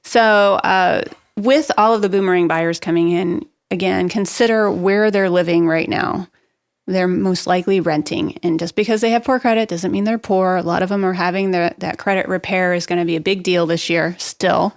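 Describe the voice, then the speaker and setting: A woman speaking as a guest expert on a real estate podcast. She gives practical marketing advice in a brisk, upbeat way. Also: fairly low pitch, steady tone, dry recording, clean studio sound. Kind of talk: podcast interview, explaining marketing tips.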